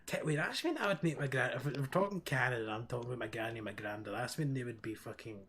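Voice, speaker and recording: A man's voice: medium pitch, animated, fast, fairly bright tone, husky. A man with a thick Glasgow accent, telling a story in a casual gaming chat and laughing often. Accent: Glaswegian. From Scotland. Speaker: streamer.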